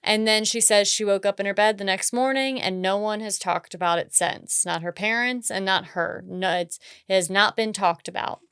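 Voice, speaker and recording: A woman's voice: medium pitch, moderate pace, few pauses, a bit bright, clear, resonant tone, dry recording, studio quality. A young woman co-hosting a podcast, recapping a horror film in frank, casual chat. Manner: frank, casual, blunt asides. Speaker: podcast co-host.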